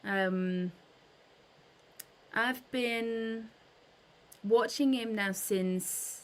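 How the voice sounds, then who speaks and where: A woman's voice: mid-range voice, a little slow, a bit bright, a little hiss or hum. A woman hosting a casual livestream, chatting with her audience, greeting viewers by name, with frequent fillers and restarts. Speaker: livestream host.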